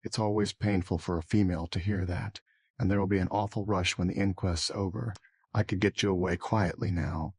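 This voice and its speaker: A good-natured, talkative police inspector in a storybook, as a male narrator plays him. The voice sits low with some huskiness. The sound is close and dry. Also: steady tone, brisk, darkish tone, husky, no echo. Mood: kindly.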